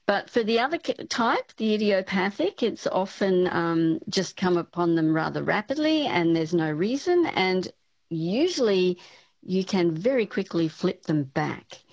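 A woman with a lowish voice, explaining patiently as an academic guest on a radio show, with plenty of "um" and "you know" as she works through her points. The sound is dry and a little dull, like a remote line. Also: big pitch swings, measured pace, no echo. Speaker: speech pathology professor, guest expert. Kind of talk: radio interview answers.

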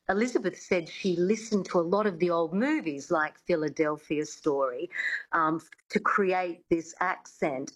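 A woman coach, a guest on a radio interview. Her voice sits slightly low as she explains steadily, with frequent ums and restarts. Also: poor audio. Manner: explanatory, lots of fillers. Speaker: accent coach.

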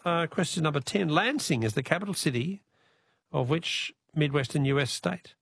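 A man with an Australian accent hosting a talkback radio quiz, friendly and unhurried, reading questions slowly to callers. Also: a little high, expressive, vocal fry, a bit bright, slightly rough, no room sound.

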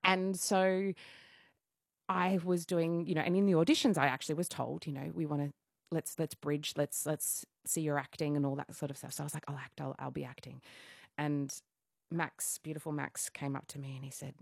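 A young adult woman, a musical theatre performer, telling stories in a chatty, animated way on a radio show, with many fillers. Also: low voice, moderate pace, vocal fry, dry recording, studio quality. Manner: chatty, animated storytelling with frequent fillers and laughs. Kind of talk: casual radio interview chat.

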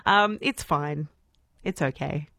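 A woman's voice: low-pitched, takes it slowly, a bit bright, no room sound, clean studio sound. A woman hosting a radio show, chatting casually and laughing often. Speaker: radio host. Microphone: studio mic.

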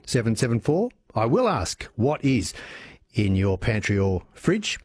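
Chatty Australian radio host, husky voice. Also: male voice, mid-range voice, sing-song, a little slow, a little mellow, no room sound. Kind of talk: evening talk radio chat. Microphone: studio microphone.

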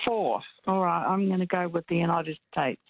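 A woman's voice: fairly low pitch, dry recording. A woman calling into a radio quiz, hesitant and thinking aloud. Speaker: caller. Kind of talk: phone-in quiz. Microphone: phone. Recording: tinny phone line.

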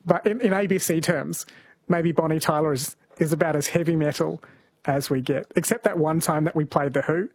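A man hosting an overnight radio quiz in a gentle, chatty way, reading questions from a studio microphone. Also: fairly high pitch, brisk, slightly rough, no room sound. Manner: gentle, chatty, laughs easily.

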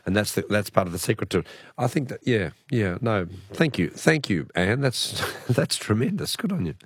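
A man's voice: lowish voice, very animated, normal speed, husky, no room sound. A middle-aged Australian man hosting talkback radio in a studio, chatty, affable and musing. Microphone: studio mic.

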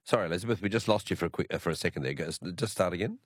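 A man's voice: deep voice, racing, slightly rough, no echo, clean studio sound. A man hosting a radio interview, chatty, prompting his guest with tag questions. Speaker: radio host.

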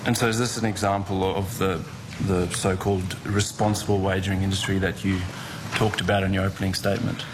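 A senator presses a witness with pointed questions at a hearing. His voice sits low, and there is clear room noise behind him. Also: flat delivery, brisk.

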